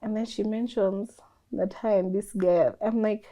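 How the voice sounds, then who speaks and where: A young woman, a guest in an interview, telling a personal story in a lively way and acting out what people said. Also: mid-range voice, measured pace. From Kenya. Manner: animated storyteller, acts out quoted dialogue.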